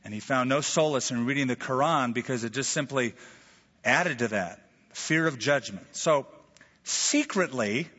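A man's voice: mid-range voice, measured pace, bright, forceful tone, husky. A man preaching a sermon from America, telling stories with animation and acting out quoted voices. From United States. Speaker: pastor. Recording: dull, reverberant hall sound.

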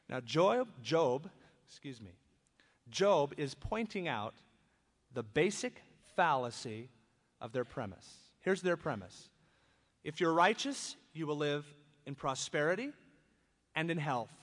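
A male pastor with a somewhat high voice preaches through a passage, swinging between solemn scripture reading and quick, chatty commentary. His voice carries a long, echoing reverb, as in a large church sanctuary. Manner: reads scripture, then breaks into lively conversational asides. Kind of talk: expository sermon.

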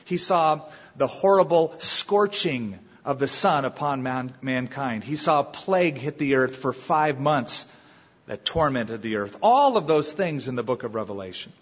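A pastor preaching a sermon with dramatic swings, dropping suddenly to a hush, on a dull lo-fi recording. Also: male voice, mid-range voice, animated, a little slow, breathy edge. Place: church sanctuary. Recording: dull lo-fi recording in a reverberant hall.

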